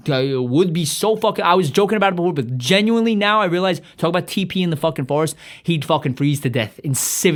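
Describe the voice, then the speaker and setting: A man hosting a podcast in a profane, rambling monologue, excitable and stuffy-nosed, often trailing off and restarting. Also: medium pitch. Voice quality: stuffy nose. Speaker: podcast host.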